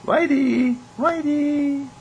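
A man voicing a small child who gently calls to a horse and offers it a carrot. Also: very high voice, fairly even intonation, extremely slow, lo-fi sound, a little hiss or hum, pitched above the performer's own voice, full character voice. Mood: gentle, coaxing. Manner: gentle, soft, coaxing.

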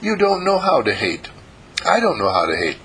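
A man voicing a gushing, endlessly affectionate woman visitor who talks in effusive, sing-song flattery. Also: on the high side, moderate pace, husky, voice pushed up, exaggerated voice, poor audio.

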